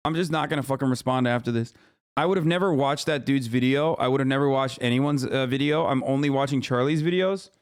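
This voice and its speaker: A man's voice: medium pitch, fast talker, smooth, dry recording, clean studio sound. A man hosting a livestream, ranting in heated, exasperated commentary with heavy swearing. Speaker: livestream host reacting to videos.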